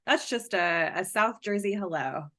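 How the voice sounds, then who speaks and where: A young woman comedian, a guest on a casual podcast, giving thoughtful, measured answers. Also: medium pitch, pushed and bright.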